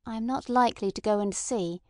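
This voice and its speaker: Brief: a woman playing a cool, contemptuous little man, voice pitched higher, carelessly calm. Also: a little fast, no echo, studio quality, natural voice. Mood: scornful. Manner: detached, lofty, scornful. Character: cold scornful small male bomb-maker.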